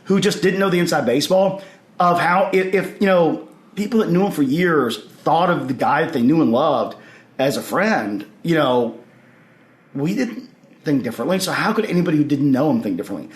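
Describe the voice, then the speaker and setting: Animated man telling a story. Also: a little high, fairly quick. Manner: animated, acts out quoted voices. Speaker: podcast guest. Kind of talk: casual storytelling. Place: convention hall. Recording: echoey convention hall.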